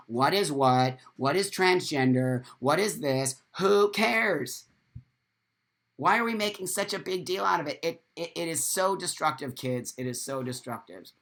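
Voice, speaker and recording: A man's voice: on the high side, vocal fry, pushed and bright. A man hosting a casual live stream, talking bluntly and swearing freely, and reading out viewer comments as he goes. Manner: reads viewer comments aloud.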